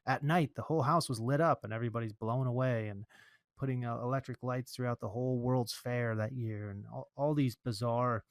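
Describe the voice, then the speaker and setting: A male podcast host chats casually with his co-host and drops playful jokes as he goes. His voice sits at an ordinary middle pitch. It is recorded close and dry, with no room sound around it. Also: steady tone, a little fast, no room sound. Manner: joking, playful asides.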